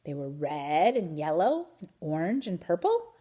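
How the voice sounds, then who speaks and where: A woman reading a children's book aloud in an expressive, animated way. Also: low voice, unhurried, breathy edge. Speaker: reader. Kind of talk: storybook read-aloud.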